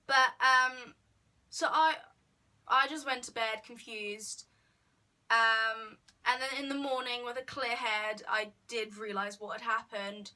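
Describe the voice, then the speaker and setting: Young girl telling a uni story, bright voice, bit high, acts out the quotes. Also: unhurried. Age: young adult. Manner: chatty, animated retelling with quoted asides. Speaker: vlogger. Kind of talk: casual storytime.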